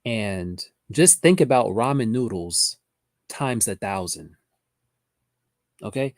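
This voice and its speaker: A trading educator on a livestream teaches casually, reading viewers' chat comments aloud and talking with them. He sits on the low side, animated but slow, pausing often. The recording is dry with clean studio sound.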